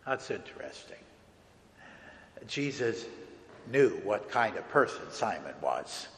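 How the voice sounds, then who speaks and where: A man preaching a sermon as a pastor, earnest and deliberate, with dramatic pauses, recorded in a church sanctuary. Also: on the low side, sing-song, gravelly, a bit bright, a little hiss or hum. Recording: echoey hall with long reverb.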